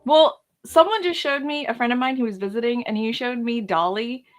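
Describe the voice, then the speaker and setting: A woman's voice: a little high, brisk, soft background music. A woman from the United Kingdom who works as a program manager, talking as a guest in a hesitant, self-conscious way. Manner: hesitant, laughs it off. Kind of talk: casual chat, then interview.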